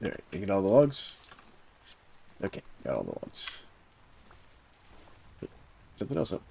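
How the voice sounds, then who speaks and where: A Southern US man with a somewhat low voice hosts his own game stream. He chats casually as he plays, wandering through stories full of fillers and chuckling along the way. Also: huge pitch swings, normal speed, creaky, darkish tone, husky. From Southern United States. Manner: rambling storyteller, heavy fillers, chuckles through his tale. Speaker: game streamer and server host. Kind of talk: casual chat while gaming on a live stream.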